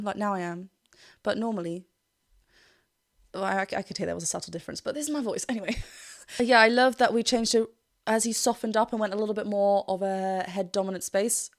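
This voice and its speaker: A woman with a British accent, a vocal coach chatting enthusiastically while analysing a singer and sometimes singing a phrase. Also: mid-range voice. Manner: enthusiastic and chatty, often sings short phrases to demonstrate. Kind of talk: reaction video with vocal analysis. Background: faint music from the video being reacted to.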